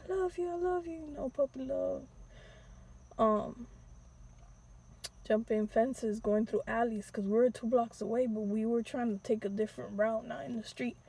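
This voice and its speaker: A young woman tells a personal story in loose, slangy vlog talk. Her voice sits a bit high, husky and mellow. Now and then she acts out pleas in a higher, teary voice. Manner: emotional, re-enacting pleas in a high crying voice, slangy. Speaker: vlogger telling a personal story. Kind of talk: casual storytime.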